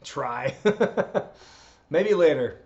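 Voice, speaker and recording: A man's voice: on the high side, expressive, drawn-out words, a little mellow. A man hosting a live wrestling watchalong, chatting casually and laughing as he reacts to the matches. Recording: muffled lo-fi audio.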